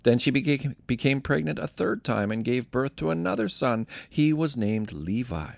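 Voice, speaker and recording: Male reader, heavy vocal fry, lively delivery, dry close sound, scripture reading. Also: medium pitch, moderate pace, no echo. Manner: lively, expressive storytelling. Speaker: Bible reader.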